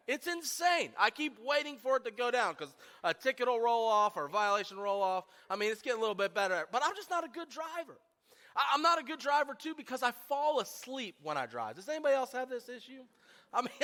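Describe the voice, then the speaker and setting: A man preaching a sermon, telling self-deprecating funny stories about himself to a church congregation in an animated way. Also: sits high. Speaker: pastor. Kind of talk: humorous sermon storytelling. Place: church sanctuary. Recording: long church hall reverb.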